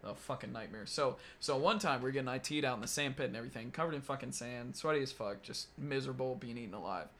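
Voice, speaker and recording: A man's voice: medium pitch, quick pace, hardly any pauses, a little hiss or hum. Young man telling swear-laden stories. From Kentucky. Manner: swears constantly, animated storytelling with laughing asides. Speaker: podcast host. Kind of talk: casual storytelling chat.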